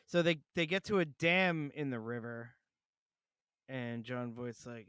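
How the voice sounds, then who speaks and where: A man's voice: mid-range voice, fairly even intonation, normal speed, fairly bright tone, clean tone, no room sound. Dry-voiced man retelling a movie, laughing. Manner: swears freely, laughs often, mocks movie lines. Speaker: podcast co-host. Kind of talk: casual chat.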